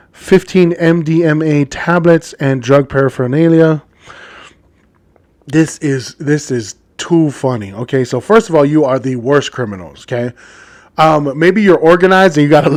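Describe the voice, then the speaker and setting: A man from Hawaii hosting a casual solo podcast, joking and animated, often laughing at his own stories. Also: a little high, dry recording, clean studio sound. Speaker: podcast host.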